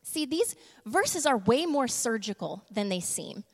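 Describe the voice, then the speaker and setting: A woman giving a casual sermon, laughing often and moving between quick asides and slow, emphatic lines. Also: fairly high pitch, big pitch swings. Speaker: church speaker. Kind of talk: casual sermon with humor and props. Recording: long reverb of a large room.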